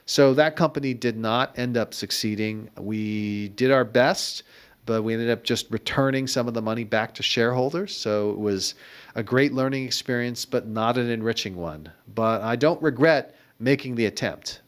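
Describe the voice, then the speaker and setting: A man's voice: mid-range voice, normal speed, clear, resonant tone. A middle-aged man being interviewed as an entrepreneur, telling wry, reflective stories about his career in a conversational way. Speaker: guest entrepreneur. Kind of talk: conversational storytelling.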